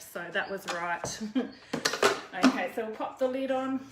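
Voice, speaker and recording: A woman's voice: on the high side, measured pace. A woman hosting a live cooking demo from her home kitchen, chatty and rambling, laughing often between steps. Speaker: cooking video host. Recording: echoey kitchen, faint background noise.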